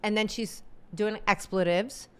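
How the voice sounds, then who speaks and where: Female co-host, chatty and exasperated, clear smooth voice, average pitch. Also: unhurried. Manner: animated, exasperated, acts out quotes. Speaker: podcast co-host. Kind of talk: casual storytelling chat.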